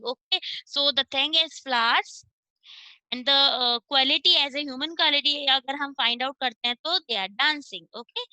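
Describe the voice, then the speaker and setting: Indian lady teacher, online class, high voice, dry close sound, keeps saying okay and switching to hindi. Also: bright, forceful tone, dry recording, poor audio. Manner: explains step by step, switching between English and Hindi, checks with "okay".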